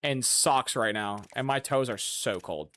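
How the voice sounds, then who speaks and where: Male streamer, mid-pitched, swearing and joking through gameplay. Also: a little slow, a bit bright, no room sound. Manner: profane, chatty, sarcastic. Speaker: gaming streamer. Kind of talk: casual gameplay commentary.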